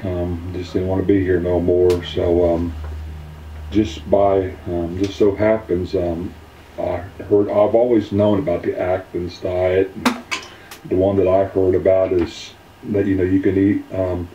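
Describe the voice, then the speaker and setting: Man, deep voice, halting earnest testimonial, dull off-mic recording. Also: flat delivery, warm tone, slight background noise. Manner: halting, many filler ums, earnest. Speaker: weight-loss testimonial speaker. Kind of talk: personal testimonial talk. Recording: roomy, distant, dull mic.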